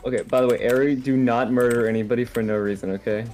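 Very low, dark-voiced woman gamer. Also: steady tone, fast. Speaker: gamer on a podcast. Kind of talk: casual chat while playing.

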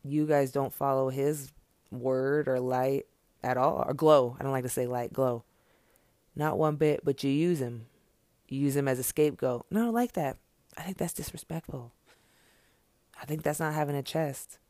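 A man's voice: medium pitch, normal speed, a little mellow, no echo, studio quality. A man speaking straight to camera in an impassioned, unscripted monologue, blunt and profane, hammering his points with repeated phrases.

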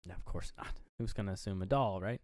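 A man's voice: sits low, quick pace, a little mellow, no echo, clean studio sound. A young man co-hosting a podcast, casually recapping a film and acting out the characters' lines, swearing freely. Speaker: podcast co-host. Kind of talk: casual movie recap chat.

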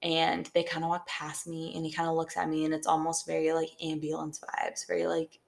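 A young woman co-hosting a podcast rambles through a long story in casual chat, dropping "like" constantly. Her voice sits low and gravelly, and she talks fairly quickly in a monotone.

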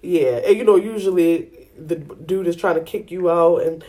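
Animated, slangy woman podcast host. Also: on the low side, normal speed. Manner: animated, slangy, laughs while telling a story. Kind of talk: casual storytelling chat.

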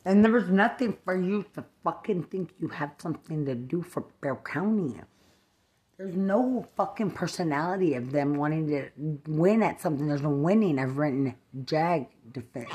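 A woman's voice: deep voice, lively intonation, moderate pace, dark tone. A woman from Texas, delivering a profane, rambling rant, angry and cursing as she jumps from one thought to the next.

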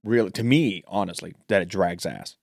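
A man with a Southern American country drawl chats on a podcast in a lowish voice, recorded close and dry with no room around it. He talks loosely and swears freely, with jokes and loud mock voices thrown in. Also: moderate pace, creaky, no echo. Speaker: podcast co-host. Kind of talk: casual chat.

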